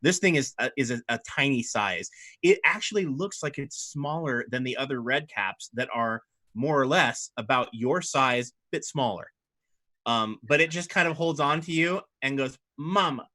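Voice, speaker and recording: A man running a tabletop game as dungeon master, describing scenes in a loose, rambling way. His voice is bright and forward, pitched in the middle. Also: normal speed. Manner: rambling, with frequent fillers and restarts. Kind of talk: improvised tabletop game narration.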